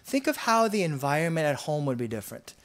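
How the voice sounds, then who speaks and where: This man's sermon comes in a fairly high, sing-song voice, delivered quickly. As pastor he's earnest, rising loud for scripture and falling to near-whispers, and he keeps repeating and restarting phrases.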